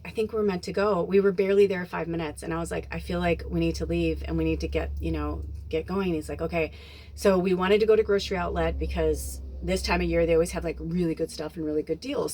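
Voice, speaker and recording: A woman's voice: on the low side, a little mellow. A woman vlogging into her phone, a spiritual medium telling a long story in casual chat, swearing freely and acting out the dialogue. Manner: chatty, swears freely, acts out quoted dialogue.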